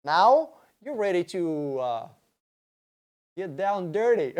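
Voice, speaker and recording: A man hosting a casual livestream Q&A, reading out viewer questions and answering them in a profane, excitable, rambling way. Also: high-pitched, slow pace, long pauses, smooth.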